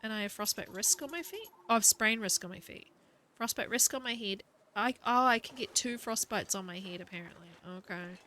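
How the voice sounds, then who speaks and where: A woman's voice: mid-range voice, animated, a little fast, bright, forceful tone, slight background noise. A woman chatting casually while she plays a video game at home, thinking aloud and talking to her dog. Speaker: gaming video creator. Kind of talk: casual gameplay commentary.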